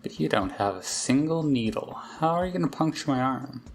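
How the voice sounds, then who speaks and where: A man reading aloud the lines of a frantic young girl who says her demonic double is hunting her, in a rushed, pleading way. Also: mid-range voice, animated, natural voice. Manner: pleading, rushed, half-hysterical. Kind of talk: reading game dialogue aloud.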